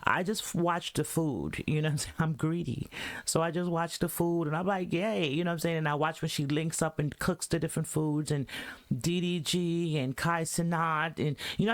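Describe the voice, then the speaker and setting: A man hosting a podcast, casually reacting to a clip and giving advice in a relaxed, chatty way. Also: on the high side. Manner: laid-back, advice-giving, keeps saying "you know what I'm saying".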